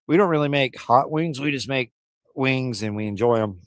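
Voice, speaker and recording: A man's voice: medium pitch, moderate pace, no room sound. A man, chatting casually and rambling to live-stream viewers from outdoors by a smoker, a little out of breath. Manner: rambling, folksy, addresses viewers as y'all.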